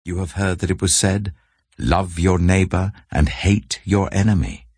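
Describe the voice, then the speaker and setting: A man giving a slow, solemn Bible reading in a grave, measured way. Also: low-pitched, steady tone, darkish tone, breathy edge, no echo, clean studio sound. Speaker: scripture reader.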